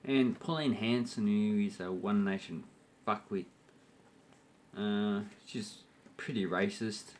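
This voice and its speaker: A man's voice: lowish voice, slow pace, slight background noise. An Australian man explaining slang in a casual video lesson, blunt, sweary and opinionated. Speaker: language teacher.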